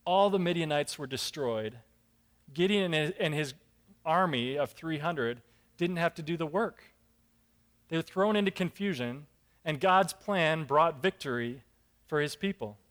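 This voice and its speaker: Man, fairly high voice, pastor preaching, animated storytelling, acts out the voices. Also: unhurried. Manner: lively storytelling, acts out biblical voices, emphatic rises. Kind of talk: sermon.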